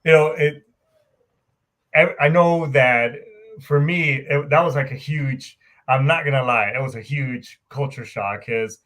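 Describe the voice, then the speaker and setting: A man hosting a casual chat, telling stories in an animated, profane way with many fillers. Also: mid-range voice, unhurried. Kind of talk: casual conversation.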